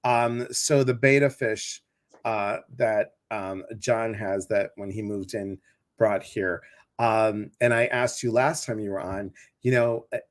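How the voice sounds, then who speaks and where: A man's voice: fairly low pitch, steady tone, slow. A man hosting a casual interview, chatty and rambling, with many fillers and restarts. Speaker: host.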